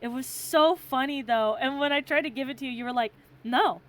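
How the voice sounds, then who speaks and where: A woman's voice: sits high, fast talker. A young woman chatting casually on a stream, telling funny stories with lots of laughter and swearing. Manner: giggly, swearing storyteller. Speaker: streamer co-host. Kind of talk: casual chat.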